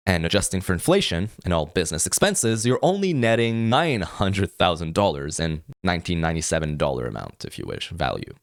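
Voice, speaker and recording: A French-Canadian man delivers a political monologue full of sarcasm and mockery. His voice sits low but swings widely in pitch as he jabs at his targets. The sound is close and dry, with no room around it. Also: dry recording. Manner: sarcastic and mocking. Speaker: political commentary host. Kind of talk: opinion commentary monologue.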